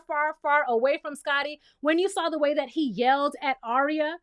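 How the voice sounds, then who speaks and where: A woman's voice: sits high, moderate pace, hardly any pauses, dry recording, clean studio sound. A woman giving a sassy, playful casual commentary recap of a reality show, talking straight to the viewer.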